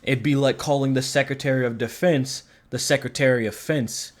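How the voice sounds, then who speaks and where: A man's voice: mid-range voice, steady tone, normal speed. A man giving a casual spoken film review, rambling and sarcastic, swearing casually. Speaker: movie reviewer.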